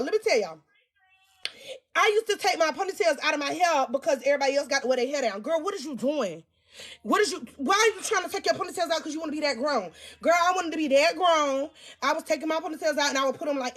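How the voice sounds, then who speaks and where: A woman vlogger telling an embarrassing storytime. She is crude and self-mocking, talks straight to her viewers, and turns loud when she teases herself. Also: sits high. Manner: animated, loud bursts when teasing herself. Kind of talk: storytime vlog.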